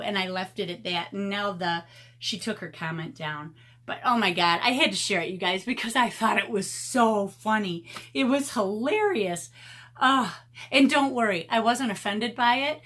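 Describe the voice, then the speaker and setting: A woman's voice: mid-range voice, unhurried, a bit bright. A woman in her fifties chatting casually with viewers in an art vlog, often laughing as she tells stories. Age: 50s. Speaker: art vlogger.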